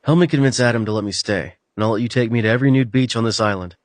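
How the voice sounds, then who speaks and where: A man's voice: mid-range voice, rapid-fire, no echo, natural voice. A male narrator voicing an earnest, determined young man who speaks in an eager, persuasive way, in an audiobook. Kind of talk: audiobook character voice.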